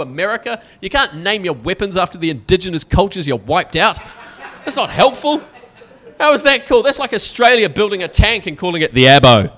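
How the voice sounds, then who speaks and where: A Scottish man performing stand-up comedy, sarcastic and animated, often tagging his lines with "right?". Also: fairly high pitch. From Scotland.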